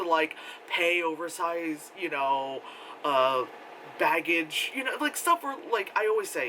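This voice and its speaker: An animated man, a little high-pitched, whose voice swoops up and down as he rambles through a convention recap. His tone is bright and edgy, and he swears easily and laughs his way through the stories. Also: a little hiss or hum, low-quality recording. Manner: animated, acts out quotes in a high voice, laughs often; swears casually, rambling with many fillers. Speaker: convention vlogger. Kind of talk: casual storytelling recap.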